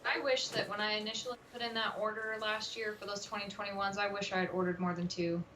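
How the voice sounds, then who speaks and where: Fast-talking woman. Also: mid-range voice, flat delivery, noisy background. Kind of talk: casual livestream chat.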